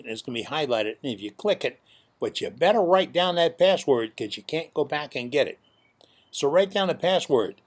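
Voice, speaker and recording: A man hosting a woodturning club video, talking in a folksy, emphatic way and repeating his points. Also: medium pitch. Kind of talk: casual video announcement.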